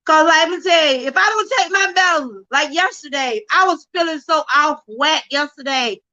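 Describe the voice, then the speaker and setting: Muffled in the recording, a middle-aged Georgia woman speaks at a moderate pace in a high, pushed, bright voice. As livestream host, she gives a fervent, emotional, preacher-like testimony, almost crying, and calls out to viewers as "y'all."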